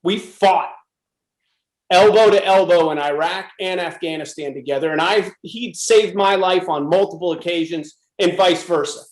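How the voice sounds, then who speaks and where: A middle-aged man from the USA gives a frank, emphatic personal testimony. His voice sits high for a man. The recording carries a noticeable room echo. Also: normal speed. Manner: intense, emphatic storytelling. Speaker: speaker at a club presentation.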